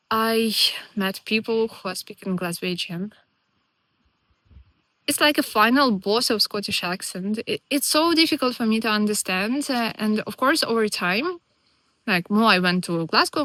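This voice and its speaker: A woman vlogs straight to camera in a casual, chatty way, earnest and enthusiastic. Her English has non-native phrasing. Her voice is bright and clear, and the recording is dry and close. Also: mid-range voice, no echo. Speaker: vlogger living in Scotland as a foreigner.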